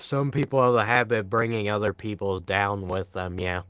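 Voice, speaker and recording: A man's voice: lowish voice, little pitch movement, brisk, fairly bright tone, clear, resonant tone, no room sound. A young man live streaming, chatting casually and answering viewer comments in a laid-back, rambling way with frequent sighs.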